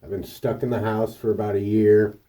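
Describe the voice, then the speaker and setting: A man's voice: on the low side, brisk, far from the mic. A man casually vlogging, telling rambling, profane stories about his week and acting out the people in them. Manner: profane, rambling anecdotes with animated quoted voices. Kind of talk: casual storytelling monologue.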